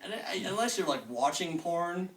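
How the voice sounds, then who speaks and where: Young man, animated crude stand-up, roomy. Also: high-pitched, a little fast. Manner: crude, rambling, laughing at his own jokes. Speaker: stand-up comedian. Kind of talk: amateur stand-up set. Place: room at home. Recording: echoey room, camera far off, noisy.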